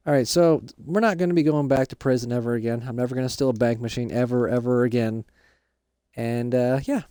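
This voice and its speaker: A man playing a goofy, excitable dad just out of prison in a Minecraft role-play, rambling on. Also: mid-range voice, no room sound, studio quality.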